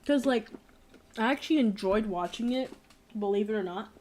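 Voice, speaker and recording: A woman's voice: fairly high pitch, moderate pace, a little mellow. A young woman chatting casually in a Q&A, rambling with many fillers and restarts, blunt and opinionated. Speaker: streamer. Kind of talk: casual chat.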